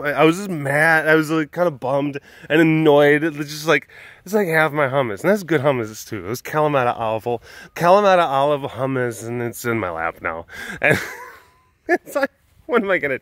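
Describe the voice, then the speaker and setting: A man's voice: fairly high pitch, animated, moderate pace, no room sound. A man hosting a podcast, telling a story in casual chat, rambling with many restarts and chuckling often. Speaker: podcast host.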